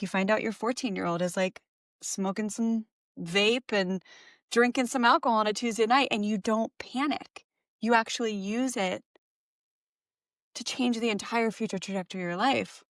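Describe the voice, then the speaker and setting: A woman's voice: medium pitch, dry recording, studio quality. A middle-aged woman co-hosting a parenting podcast, telling a story in a chatty, casual way with lots of fillers and self-corrections.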